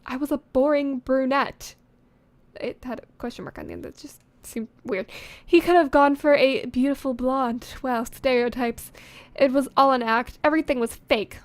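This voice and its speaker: A teenage girl vlogger reading her old writing aloud in a casual, self-mocking way, breaking off into giggles and quiet muttered asides, recorded close on a studio condenser microphone at home. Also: high voice, normal speed, no room sound.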